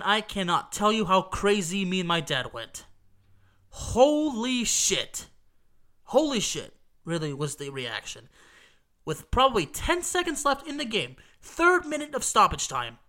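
Excitable high-voiced man, allergy-stuffy. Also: normal speed. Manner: emphatic, repeats himself, swears, asks "okay?". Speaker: football fan recounting a match. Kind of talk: excited casual storytelling.

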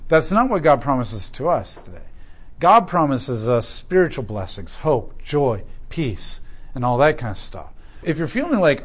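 Animated man teaching the Bible. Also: on the high side, a little slow. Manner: animated, acts out quotes, emphatic repetition.

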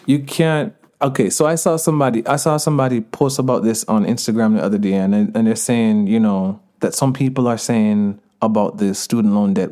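A man's voice: on the low side, fairly even intonation, brisk, few pauses, mellow. A man, a writer and activist, speaking earnestly and at length as a podcast guest. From United States. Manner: earnest, emphatic, talks at length. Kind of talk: conversational interview.

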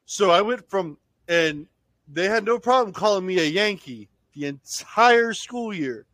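A man from Maryland chatting casually on a podcast, blunt and quick to swear. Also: sits high, lively intonation, a bit bright, no echo. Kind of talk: casual chat.

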